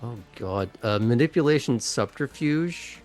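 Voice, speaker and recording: A man's voice: medium pitch, animated, unhurried, a little mellow, soft background music. A man running a tabletop role-playing game as game master, putting questions to his players. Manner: guiding, asks players questions.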